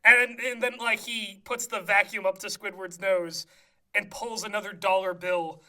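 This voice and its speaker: Brief: bright, forceful podcast co-host, lively recap storyteller, laughs often, remote call mic. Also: medium pitch, moderate pace. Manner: animated storytelling, frequent laughter. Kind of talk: casual comedic recap chat.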